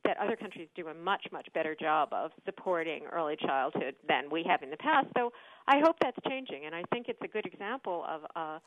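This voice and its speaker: A woman speaking as an expert guest on a radio show, explaining things in a thoughtful, measured way with frequent hesitations. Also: low-pitched, animated, no echo. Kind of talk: explanatory radio interview answers. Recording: dry, narrowband phone-like line.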